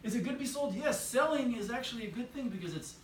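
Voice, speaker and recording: A man's voice: extremely high pitch, animated, fast. A man giving an enthusiastic motivational sales training talk to a live audience, asking them questions. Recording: echoey room from far off, light hiss.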